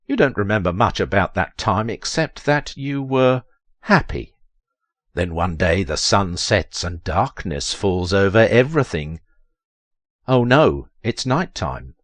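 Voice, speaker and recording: A man's voice: expressive, measured pace, a bit bright, no room sound. A man narrating a text adventure in a theatrical, dramatic reading voice. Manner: theatrical, leaps to high strained pitch on quoted lines.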